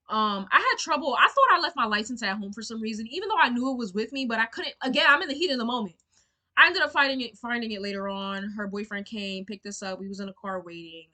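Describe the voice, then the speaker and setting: A woman's voice: fairly high pitch, bright, forceful tone. A young woman telling a storytime to camera, emotional and indignant, swearing freely and using lots of fillers. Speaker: storyteller vlogger.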